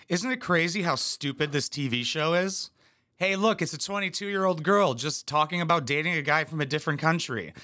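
Mocking what he watches, this American man tears through a crude comedy reaction video with sarcasm and nonstop swearing. He's a commentary YouTuber whose bright, edgy voice runs a little high for a man and swoops all over the place.

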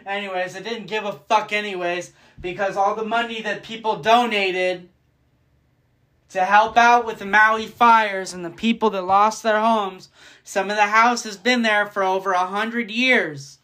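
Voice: medium pitch, fairly even intonation, a little slow, sharp tone. A podcast host delivering a casual solo rant, profane and rambling, jumping between thoughts.

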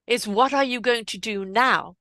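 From her home, a woman hosts a casual spiritual conversation with a remote guest over a video call. She speaks earnestly and emphatically, often repeating her phrases, in a slightly high, sharp voice at a moderate pace. The recording is dry.

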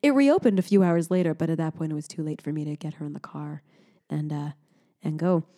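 Young adult woman, sleep-deprived podcast co-host, low mellow voice, chatty with frequent laughter. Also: brisk. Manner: chatty and animated, laughs often. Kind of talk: casual chat.

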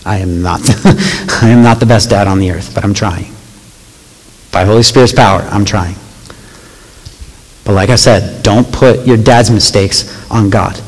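A man's voice: on the low side, fairly even intonation, measured pace, long pauses. A man giving a casual, conversational sermon to a young audience, often checking in with "right?" and reading scripture aloud. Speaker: youth pastor. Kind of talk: youth sermon. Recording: long hall reverb.

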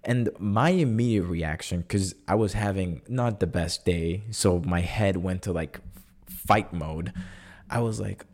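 Man, low voice, solo podcast host, loose rambling storyteller, dry sarcastic humor. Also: measured pace, a little mellow. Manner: chatty and rambling, full of "like" and self-corrections; wry and sarcastic.

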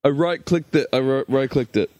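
A man's voice: medium pitch, moderate pace, darkish tone, no echo. A man playing a tabletop game, hesitantly describing what his character does in the third person. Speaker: player. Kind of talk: tabletop role-play narration of his character.

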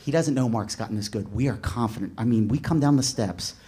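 A man doing stand-up comedy and telling a story, swinging from low asides to loud bursts. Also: a little fast, a little hiss or hum.

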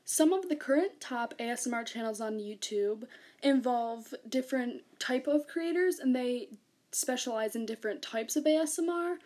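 A young woman with a fairly high voice presents casually, sliding between points with filler words. Her delivery sounds relaxed and conversational, like a student talk. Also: moderate pace. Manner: chatty, laughs often, fillers.

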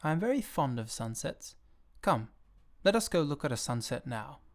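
A man's voice: on the high side, sing-song, moderate pace. A man voicing a small, earnest and stubborn boy prince in a storybook reading, asking questions and growing indignant when upset. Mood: wistful.

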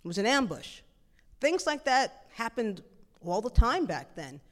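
A middle-aged woman telling a personal story in a lively, animated way, jumping into acted-out dialogue. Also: fairly high pitch, a little slow, big-room sound.

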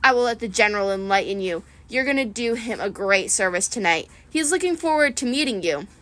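A woman's voice: medium pitch, expressive, a little fast, fairly bright tone, close to an everyday voice. A woman reading aloud and voicing a cold, mocking male monster posing as a vice principal.

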